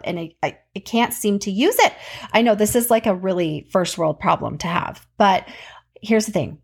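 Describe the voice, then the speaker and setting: Speaking at a moderate pace with a breathy edge, this thirtysomething woman hosts a podcast and casually recounts her week. Her storytelling is animated, and her pitch leaps when excitement hits.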